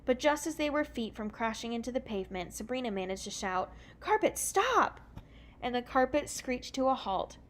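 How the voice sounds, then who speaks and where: A woman reading a children's book aloud in a relaxed, unpolished way, correcting her own slips as she goes. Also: fairly high pitch, fairly quick, hardly any pauses. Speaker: reader.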